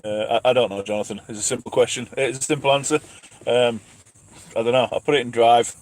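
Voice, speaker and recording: A man's voice: mid-range voice, steady tone, brisk. A man who drives trucks, chatting casually on a live stream from his cab at night, reading out viewer questions with self-mocking laughs. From England. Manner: chatty, self-mocking, laughs often, reads names aloud. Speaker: truck driver and channel host.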